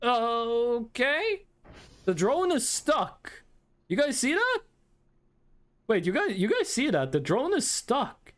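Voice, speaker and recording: A man's voice: extremely high pitch, wildly swooping pitch, slow pace, pauses often. A man from Norway, chatting casually with his stream chat in a playful, rambling, teasing way.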